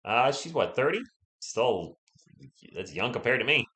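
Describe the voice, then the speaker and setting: A man's voice: medium pitch, sing-song, unhurried, roomy sound. A young man with a sore throat doing casual live play-by-play commentary and chatting with viewers, keeping his voice down. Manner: chatty, answers viewers, holds back from yelling. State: sore throat, sounds sick. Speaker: live stream play-by-play host.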